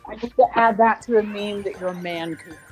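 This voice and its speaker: A woman's voice: medium pitch, fairly quick. A woman joining a casual stream chat, playfully teasing the host.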